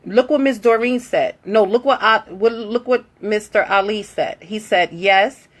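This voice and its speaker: In an unhurried, mid-range voice, a woman hosts a casual live stream. She's chatty, warmly greeting viewers as she reads their comments, and coaches her daughter the way a mother would.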